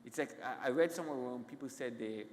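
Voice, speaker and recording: Halting Israeli man in an echoey hall. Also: medium pitch. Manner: halting, self-interrupting, many restarts. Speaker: guest author. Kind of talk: onstage conversation, anecdotal storytelling. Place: large event hall.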